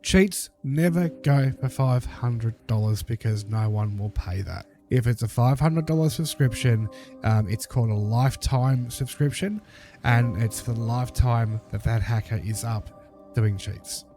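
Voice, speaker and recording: A man with a mellow, relaxed voice lectures his viewers in an emphatic commentary, hammering home his points over and over. His pitch sits in an ordinary middle range. Faint music runs underneath. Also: a little slow. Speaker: commentator reacting to a video. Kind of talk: critical commentary over a clip.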